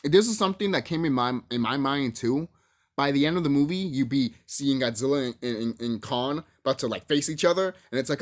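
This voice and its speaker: In a mid-range voice and at a fairly quick clip, a man who comments on movies for YouTube rants animatedly to the camera. He curses without restraint, laughs often, and says things twice for emphasis.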